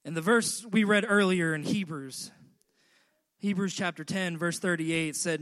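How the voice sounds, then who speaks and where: A man preaching a sermon in a high, bright, ringing voice. He speaks slowly and deliberately and leans on repeated phrases. He swells into shouts as he drives his points home. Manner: rhythmic repetition, building to shouts.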